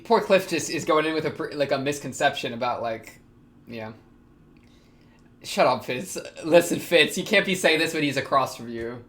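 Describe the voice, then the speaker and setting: Young male reaction streamer, higher-pitched, excitable and chatty, talks back to the screen. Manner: excitable, laughs often, talks to the characters on screen. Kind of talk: casual reaction commentary.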